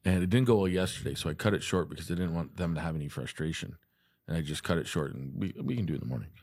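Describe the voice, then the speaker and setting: Low, husky man telling stories with laughs. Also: racing, darkish tone. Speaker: hockey coach. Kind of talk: casual chat.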